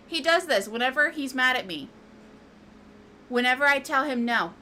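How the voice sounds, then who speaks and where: A woman's voice: high voice, lively intonation, moderate pace, sharp tone, slight background noise. A woman gaming at home, chatting casually to viewers and cooing and scolding her cats in a playful sing-song. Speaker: gaming streamer. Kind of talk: casual chat while modding a game.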